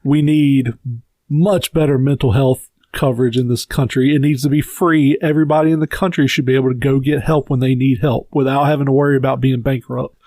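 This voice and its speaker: A man's voice: medium pitch, steady tone, a little fast, mellow, no echo. A man with a Southern US accent co-hosting a podcast, giving blunt, profane opinions in casual chat. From Southern United States. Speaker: podcast co-host.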